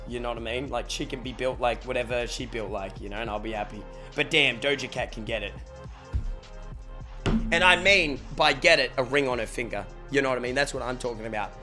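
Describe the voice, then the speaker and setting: A man's voice: mid-range voice, pushed and bright. An Australian man streaming live, chatting loosely with viewers, swearing now and then and thanking them for subs. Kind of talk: casual live-stream chat.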